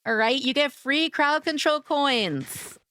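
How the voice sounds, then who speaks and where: A woman's voice: high voice, slow pace, sharp tone, dry recording, studio quality. A young woman streaming a game live, chatting casually and greeting viewers with cutesy baby talk.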